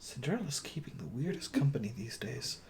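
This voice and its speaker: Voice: medium pitch, sing-song, brisk, darkish tone. A game master voicing a suspicious male barkeep who speaks in a dry, wary way.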